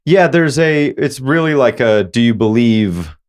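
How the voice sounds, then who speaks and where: A man hosting a podcast interview, chatting casually in a rambling, halting way with many false starts. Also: medium pitch, lively intonation, darkish tone. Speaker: podcast host.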